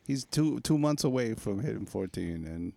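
A man's voice: fairly low pitch, animated, moderate pace, creaky, mellow. A man hosting a casual chat with friends, swearing often and laughing a lot.

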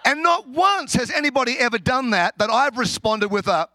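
A man with an Australian accent preaching a humorous sermon, animated and laughing often, restarting his words as he tells stories. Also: extremely high pitch, moderate pace, dry recording. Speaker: pastor.

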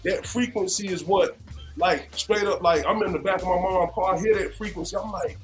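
A man from North Carolina speaks as a guest in a relaxed interview, his voice sitting high for a man. He talks in an animated, conversational way. Soft music plays underneath. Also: fairly quick. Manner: animated, conversational, leans on "you know what I'm saying". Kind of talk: casual interview chat.

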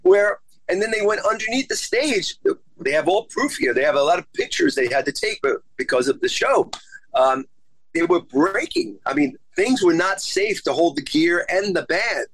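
A man's voice: sits high, sing-song, normal speed, fairly bright tone, no room sound, poor audio. A man, a touring musician giving an earnest, emphatic interview and repeating himself for emphasis. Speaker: guest musician. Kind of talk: remote interview.

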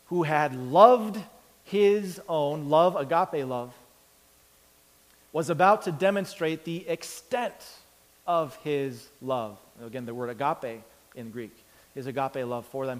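A man preaching a sermon, telling the story with lively acted-out voices and big swings from loud to quiet. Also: a little high, big-room sound. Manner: animated storytelling, acts out characters with big swings in loudness. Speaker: pastor.

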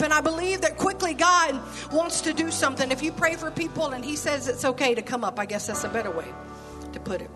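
With soft music playing in the background, a middle-aged woman pastor preaches quickly in a high-pitched voice inside a church sanctuary. Her casual, animated stories build steadily to bold, rising declarations.

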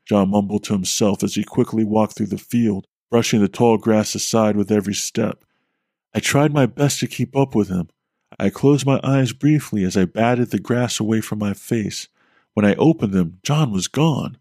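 A man telling a scripted horror story as a podcast host, steady and measured. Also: fairly low pitch, creaky, no room sound, studio quality.

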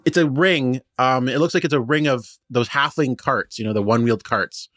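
A man's voice: medium pitch, a little fast, fairly bright tone, no room sound. Man narrating as game master, dry sound. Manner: rambling, filler-heavy description.

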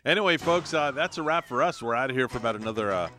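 A man's voice: mid-range voice, animated, fast talker, sharp tone, soft background music. A man hosting a morning radio show in a studio, teasing his guest and joking through the banter. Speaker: radio host.

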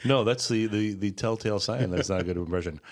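Male podcast co-host, deep voice, dry relaxed delivery. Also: fairly quick. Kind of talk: casual chat.

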